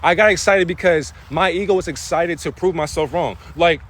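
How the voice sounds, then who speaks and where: Man, slightly high voice, streaming spiritual talk off the cuff, swears freely, slangy, builds to preachy bursts. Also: normal speed, fairly bright tone. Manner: loose, profane, street-slang talk.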